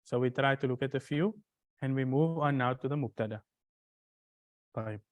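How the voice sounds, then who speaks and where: A teacher lecturing a class on grammar, with a medium-pitched voice that sits right in the middle of the range. They keep turning to the students with questions and restart their phrases as they go. Now and then they rattle off short Arabic verses quickly before slowing back down to explain.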